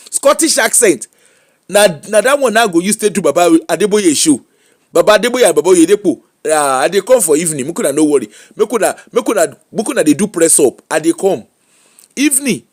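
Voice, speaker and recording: Animated Nigerian man ranting. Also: sits high. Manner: animated Pidgin rant, mocking, laughing. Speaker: streamer. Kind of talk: ranting live-stream monologue.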